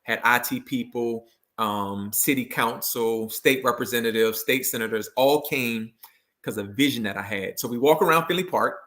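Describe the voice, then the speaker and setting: Bright-voiced man telling a story. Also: medium pitch, moderate pace. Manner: animated storyteller, acts out quotes with a raised voice, loose with "like". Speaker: motivational speaker and education consultant guest. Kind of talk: storytelling in a video interview.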